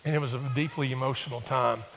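Gravelly preacher in a reverberant hall. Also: male voice, medium pitch, fairly even intonation, fast talker, a bit bright, slight background noise. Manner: storytelling, rising to emphatic bursts. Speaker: pastor. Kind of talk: sermon.

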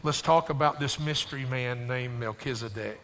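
A man preaching a sermon to his congregation, stumbling over restarts and building to loud, rising emphasis. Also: medium pitch, moderate pace. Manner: addresses the congregation directly. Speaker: pastor. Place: church sanctuary. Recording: preached in a reverberant hall.

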